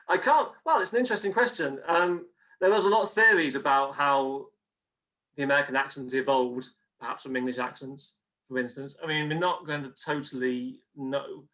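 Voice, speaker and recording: A man's voice: mid-range voice, fairly even intonation, moderate pace, pushed and bright. A man explaining history as an interview guest, patiently, with examples.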